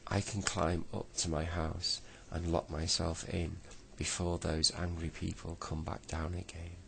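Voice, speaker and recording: A man doing a gentle storybook fairy girl. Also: low-pitched, little pitch movement, unhurried, creaky, full character voice. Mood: calm.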